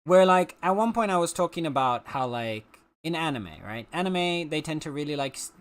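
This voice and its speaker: A man's voice: fairly high pitch, lively intonation, normal speed. South African man, chatty and rambling. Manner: rambling, many filler words and restarts. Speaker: streamer. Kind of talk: casual opinion chat while gaming.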